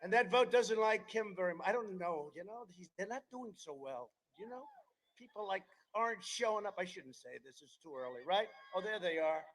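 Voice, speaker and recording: A man's voice: high-pitched, expressive, a little fast, fairly bright tone, slight background noise, low-quality recording. A man in his seventies giving a campaign rally speech, rambling and digressive, with mocking asides. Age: 70s. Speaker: politician addressing a campaign rally.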